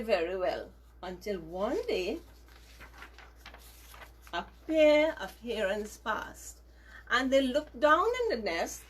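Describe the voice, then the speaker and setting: Lady reading a kids' story, husky voice, sing-songy and bouncy, says things twice. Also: medium pitch. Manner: gentle, repetitive, emphatic storytelling with voiced bird parts. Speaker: children's storyteller and teacher. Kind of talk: storytelling to children.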